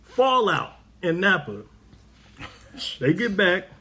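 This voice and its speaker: A man's voice: high voice, sing-song, takes it slowly, pushed and bright. A man, hosting a podcast, who tells a story in casual, profane slang with many "right?" asides. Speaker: podcast host telling a story.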